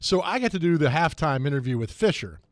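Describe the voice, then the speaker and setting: Man, sports radio host, animated storytelling, higher voice, dry studio sound. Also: fast, no room sound. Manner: animated anecdotes with laughs. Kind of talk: casual sports talk storytelling.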